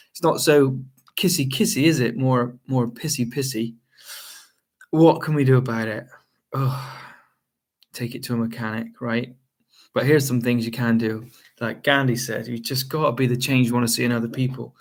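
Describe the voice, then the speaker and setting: A man's voice: mid-range voice, fairly even intonation, moderate pace. A man giving marriage advice straight to camera in a casual, conversational way, with frequent ums and you-knows. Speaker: marriage coach. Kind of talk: direct-to-camera advice talk.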